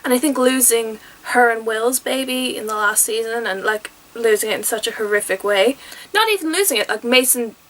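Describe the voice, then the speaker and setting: A young woman with a higher-pitched voice talks through a TV episode review in a casual, chatty vlog. She is animated and exclaims often, jumping between excited outbursts and quick asides. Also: poor audio.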